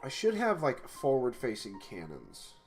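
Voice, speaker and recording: A man's voice: mid-range voice, huge pitch swings, unhurried. A man who develops indie games, chatting casually on a livestream and rambling with fillers and restarts, with his mic held off to the side. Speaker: indie game developer streaming. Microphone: mic held off to the side, no pop filter. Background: faint music.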